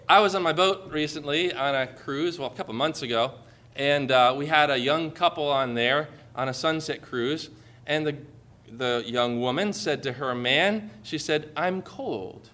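A man's voice: a little high, unhurried, sharp tone. A man preaching a sermon to a congregation in a church, joking and calling for amens. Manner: jokey, calls for amens from the congregation. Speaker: pastor.

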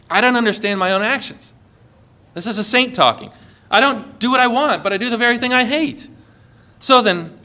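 A man's voice: high-pitched, pushed and bright. A man preaching a sermon as a pastor, earnest and building to exhortation.

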